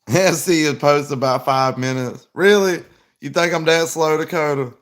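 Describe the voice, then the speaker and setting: A man's voice: a little high, normal speed, fairly bright tone. A man hosting a casual livestream, answering viewer comments in a laid-back, rambling way with plenty of "like". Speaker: livestream host.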